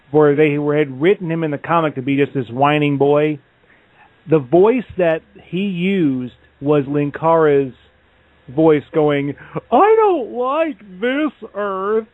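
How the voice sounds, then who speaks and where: A man's voice: on the high side, no echo. A man co-hosting a casual podcast chat, laid-back and hesitant with fillers. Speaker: podcast co-host. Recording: dry, phone-like audio.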